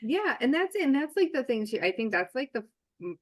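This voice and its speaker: A woman's voice: sits high, sing-song, brisk. A woman author in a casual podcast conversation, talking in a rambling way with many restarts and fillers.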